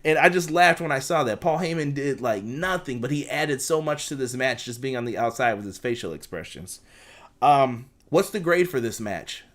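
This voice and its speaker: A young man reviewing a wrestling show in a casual, slangy way, excited and briefly acting out what the wrestlers said. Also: medium pitch. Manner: excited, slangy, acts out quotes in quick asides. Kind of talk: casual fan review recap.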